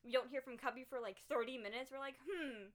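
A woman with a slightly high voice who tells stories quickly in casual podcast chat. She acts out the dialogue she quotes and swears freely. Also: fairly even intonation. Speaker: podcast co-host.

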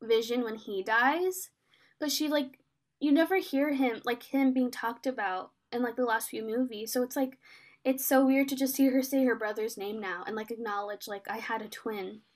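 A woman's voice: fairly high pitch, moderate pace. A woman co-hosting a casual chat, animatedly retelling a TV episode and acting out quoted lines. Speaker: podcast co-host.

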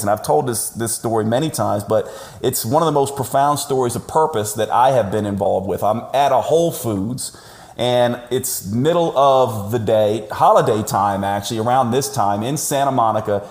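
A man speaking as a podcast guest over a call, telling a story in an animated, emphatic way. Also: medium pitch. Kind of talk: conversational storytelling. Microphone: remote call audio. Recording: roomy, echoey sound.

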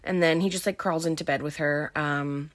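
A young woman chatting through a film recap, her talk loose and full of fillers. Her voice sits a little low for a woman. The sound is dry and close. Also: fairly even intonation, normal speed, dry recording. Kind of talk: casual movie recap.

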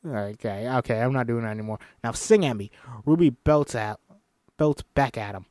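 A man's voice: medium pitch, normal speed, no echo, studio quality. A man doing a solo table read of a film script, reading the stage directions and voicing every part himself. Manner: reads stage directions and voices all parts himself, animated. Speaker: script reader.

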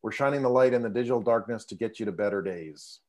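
A man's voice: lowish voice, quick pace, a little mellow. A man giving a polished self-introduction as a digital marketing agency owner on a video call. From Canada.

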